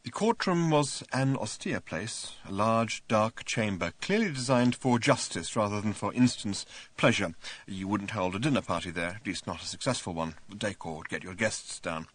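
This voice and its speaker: A man's voice: on the low side, expressive, moderate pace. A man reading his own book aloud in dry, wry audiobook narration.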